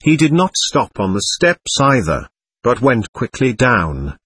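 A man narrating a literary audiobook in an expressive, dramatic reading. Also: mid-range voice, measured pace, slightly rough, no echo.

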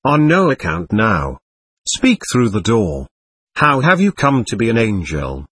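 A man's voice: lowish voice, huge pitch swings, unhurried, fairly bright tone, husky, no echo, full character voice. A man reading the lines of a petulant, demanding teenage girl who complains insistently.

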